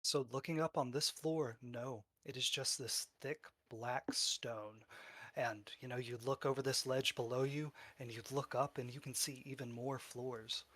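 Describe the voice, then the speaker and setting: A man's voice: medium pitch, fairly even intonation, measured pace, pushed and bright, no room sound, clean studio sound. Man narrating as game master. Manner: loose, descriptive, with fillers.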